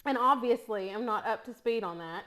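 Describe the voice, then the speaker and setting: Chatty East Tennessee woman, higher voice. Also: moderate pace, a bit bright. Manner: chatty storyteller, laughs often. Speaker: cooking vlogger. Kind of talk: casual chat while cooking.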